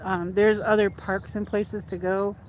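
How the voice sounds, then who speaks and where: Brief: woman host, casual outdoor walk-and-talk stream, mid-pitched, chatty, a bit breathless, phone mic. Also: level tone, unhurried, a little mellow, slight background noise. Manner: chatty and rambling, with many "like"s and restarts. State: a little out of breath from walking. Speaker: livestream host. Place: outdoors, walking by a lake.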